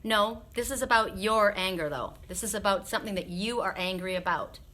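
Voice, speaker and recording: A woman's voice: mid-range voice, brisk, sharp tone. A woman doing spiritual readings on a live stream, chatting frankly with viewers, laughing often and swearing freely.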